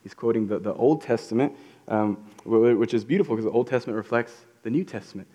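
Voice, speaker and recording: A man's voice: mid-range voice, quick pace, dark tone. Casual male preacher in a reverberant hall. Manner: conversational, acts out quotes in voices. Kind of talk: casual sermon.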